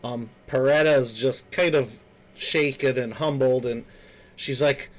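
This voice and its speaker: A man's voice: medium pitch, steady tone, takes it slowly, low-quality recording. A man playing a tabletop game, describing his character in a loose, hesitant way. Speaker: player.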